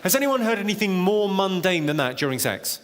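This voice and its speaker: Deadpan stand-up comic in a theatre. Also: male voice, sits high, brisk. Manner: deadpan, crowd work with the audience. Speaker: stand-up comedian. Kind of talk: stand-up comedy. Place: large theatre with a laughing audience. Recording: live theatre recording with long reverb and loud crowd laughter.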